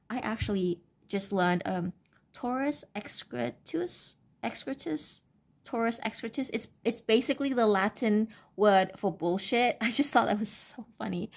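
A woman giving a casual, unscripted tarot reading, talking in a halting, rambling way with many fillers and restarts. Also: medium pitch. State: brain fog, stuttering. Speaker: tarot reader.

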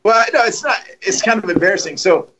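Man, middle-aged, preacher, animated storytelling, rapid delivery. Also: sits high, background noise. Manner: animated, acts out dialogue with lively voices. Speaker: guest preacher. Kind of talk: storytelling testimony.

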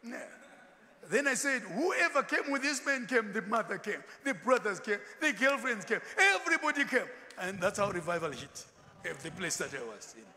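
A man preaches with a high, lively voice that swings widely in pitch. His tone is bright and forceful. The long echo of a large church hall trails behind his words. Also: normal speed. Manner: animated, switching into Ndebele asides and acted quotes. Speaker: pastor. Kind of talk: sermon.

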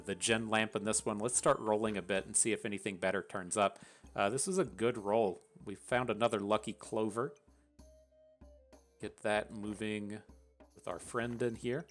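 A low-pitched man with a broad West Virginia Appalachian drawl talks through a game in loose, rambling commentary. He swears casually and keeps a chatty, offhand tone. Faint music plays underneath. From West Virginia, USA. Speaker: gaming channel host.

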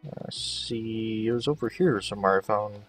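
A man's voice: on the low side, moderate pace, recorded from a distance, soft background music. A man giving casual gameplay commentary, chatting to the characters as he plays. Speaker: let's play host.

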